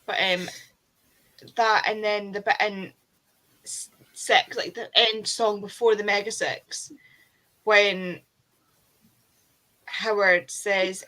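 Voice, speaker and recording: A woman's voice: mid-range voice, extremely slow, pauses often, low-quality recording. A woman in casual chat on a video call, telling stories with acted-out reactions. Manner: animated storyteller, acts out reactions. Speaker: booktuber on a group call.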